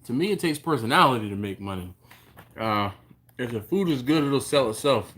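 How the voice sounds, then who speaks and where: A man's voice: medium pitch, lively intonation, normal speed, fairly bright tone. Laid-back man chatting on a live stream. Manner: laid-back, chuckles often, greets viewers by name. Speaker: host of a barbecue live stream. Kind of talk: casual live-stream chat reading viewer comments. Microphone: phone on a mount.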